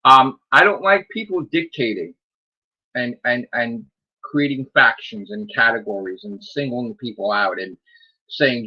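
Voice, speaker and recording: Male podcast host, husky and bright-toned, defiant, sarcastic ranter, lively pitch, lo-fi mic. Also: unhurried. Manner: defiant, sarcastic, repetitive rhetorical questions. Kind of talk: solo rant on a gaming podcast.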